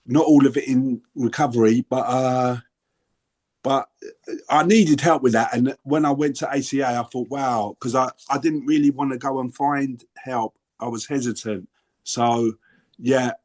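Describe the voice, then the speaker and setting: A man's voice: mid-range voice, fairly even intonation, unhurried, a little mellow. A man in his sixties with a London accent, sharing his story in a twelve-step workshop in a rambling, earnest way with many restarts. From England. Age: 60s. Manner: rambling, self-interrupting, earnest. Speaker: workshop participant. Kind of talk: casual sharing on a video call.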